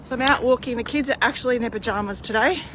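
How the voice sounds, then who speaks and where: Puffing woman, candid and chatty, fairly high voice, phone held out on an outdoor walk. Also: racing, background noise. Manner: chatty, candid, self-deprecating. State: out of breath. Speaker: vlogger. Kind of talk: casual live video while walking. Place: outdoors on a hilly street.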